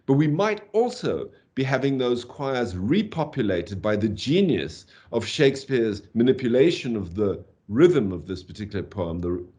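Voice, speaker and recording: A man giving a university lecture on poetry, animated, tapping out rhythms aloud and saying "okay" often. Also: medium pitch, normal speed, few pauses. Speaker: literature lecturer.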